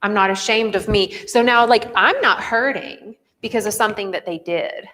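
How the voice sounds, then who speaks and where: A woman's voice: mid-range voice, moderate pace, sharp tone. Chatty woman host in a reverberant room. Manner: chatty, loose, many fillers. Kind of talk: casual chat.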